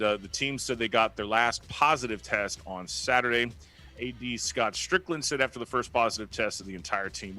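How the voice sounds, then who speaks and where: A man reading the sports news on a morning radio show, chatty and relaxed, with frequent fillers. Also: lowish voice.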